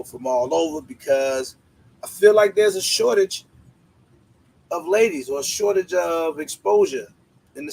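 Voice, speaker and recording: A man's voice: fairly high pitch, breathy edge, rough recording. A man hosting a casual livestream, greeting viewers by name in laid-back slang. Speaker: livestream host.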